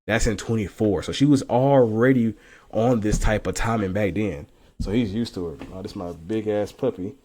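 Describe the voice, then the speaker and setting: A young man with a fairly low voice talks in a loose, slangy way. His casual reaction chat swings between quiet asides and loud outbursts, with laughter mixed in. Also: normal speed. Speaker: co-host reacting to news.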